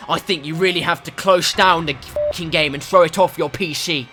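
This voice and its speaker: A man's voice: a little high, steady tone, normal speed, over music, close to an everyday voice. A man putting on a poor Dutch accent to play an angry, foul-mouthed young racing driver. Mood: irate. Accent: poor put-on Dutch accent. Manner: swearing, ranting.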